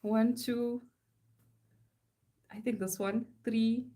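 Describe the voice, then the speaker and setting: A woman's voice: a little high, steady tone, extremely slow, mellow. A woman, chatting casually while she works on art. She reads silly slogans aloud in a playful, mock-serious chant. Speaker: artist live-streaming.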